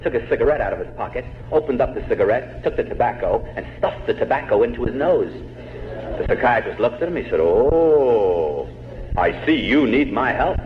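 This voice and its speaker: A man's voice: mid-range voice, lively intonation, fast. A man lectures a live audience with jokes and rhetorical questions, his voice rising and falling. The sound is a dull, muffled old tape with a faint hiss. It was recorded in an echoey hall with a long reverb. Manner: joke-telling, poses rhetorical questions to the audience. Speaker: public lecturer. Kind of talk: humorous public lecture.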